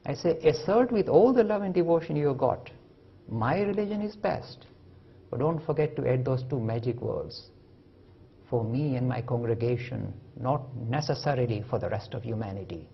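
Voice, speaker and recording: A man's voice: medium pitch, moderate pace, vocal fry, highs cut off, a little hiss or hum. A man giving a lecture on religion, telling anecdotes and acting out the voices in them. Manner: animated, acts out voices in anecdotes. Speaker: speaker on religion. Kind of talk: lecture with storytelling.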